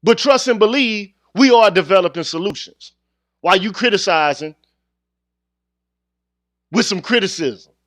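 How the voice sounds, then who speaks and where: A man's voice: high-pitched, animated, normal speed, long pauses, fairly bright tone, no room sound, studio quality. A man hosting his own channel, ranting bluntly in street slang, heated and confrontational in a casual monologue to viewers. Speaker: channel host.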